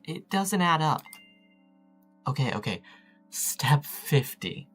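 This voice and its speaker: A man's voice: fairly high pitch, sing-song, slow, long pauses, a bit bright, faint music behind. A man chatting casually while playing a text adventure, reading its lines aloud and joking about them in a self-mocking way. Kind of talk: casual let's-play commentary.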